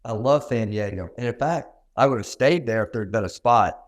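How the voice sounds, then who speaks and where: Speaking a little fast at medium pitch, an older Southern-accented man from Arkansas shares stories as the dentist guest in a conversational interview. His storytelling is folksy and pokes fun at himself.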